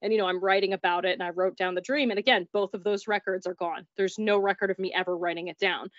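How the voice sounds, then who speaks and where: Her paranormal stories come quickly from a mid-range voice with fairly even intonation. As a guest, she tells them in a casual, chatty way, peppered with "like" and acted-out conversations, on a dull, dry recording without echo.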